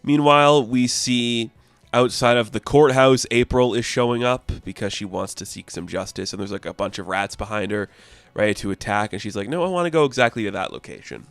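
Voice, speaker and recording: A man talking through a comic book review in an enthusiastic, chatty way, with quick plot recaps. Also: lowish voice, little pitch movement, a bit bright, clean tone, dry recording.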